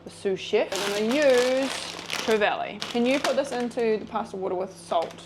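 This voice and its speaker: A woman's voice: a little high, expressive, normal speed, noisy background. A woman talking casually through a home cooking vlog, chatty and upbeat with a self-teasing streak. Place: home kitchen.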